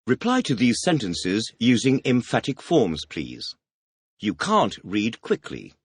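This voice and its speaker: Man reading lesson drills, very lively pitch. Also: slightly rough, no echo. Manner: announces words, then fires quick questions with a clipped "please". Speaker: language teacher asking drill questions. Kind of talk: scripted audio lesson drills.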